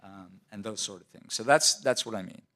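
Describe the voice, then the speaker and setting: Man, city department official, casual explaining, lots of ums, slightly low voice. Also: brisk, fairly bright tone. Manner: conversational, many fillers and restarts. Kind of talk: answering questions at a council meeting.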